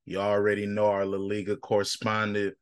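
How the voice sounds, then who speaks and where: A man's voice: lowish voice, monotone, brisk, clean tone, dry recording, clean studio sound. A man hosting a casual sports podcast, talking in a laid-back, slangy way and teasing his co-hosts. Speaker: podcast host. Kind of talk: casual chat.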